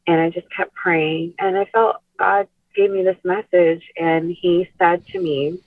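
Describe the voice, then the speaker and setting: Soft-spoken woman on a tinny phone line. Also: on the low side, fairly even intonation, measured pace, no room sound. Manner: soft-spoken, many "like" and "you know" fillers. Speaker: podcast guest. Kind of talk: emotional personal storytelling.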